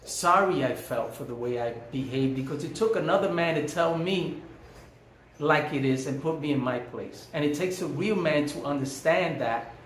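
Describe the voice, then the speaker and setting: A man's voice: on the high side, normal speed. Emphatic man telling a story in an echoey room. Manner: emphatic, preachy, repeats phrases for effect. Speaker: vlogger. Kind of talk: personal storytelling monologue. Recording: echoey room, faint background hum.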